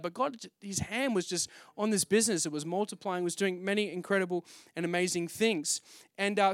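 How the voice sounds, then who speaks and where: A young male pastor with a high-pitched voice preaches a conversational testimony sermon, recorded clean in a studio with no echo. He tells his story with frequent restarts and fillers, acting out his own past exclamations.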